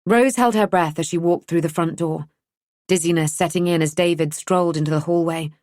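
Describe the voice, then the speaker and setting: A woman narrating an audiobook thriller in a measured, even storytelling manner. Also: lowish voice, no echo, clean studio sound. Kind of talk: scripted narration.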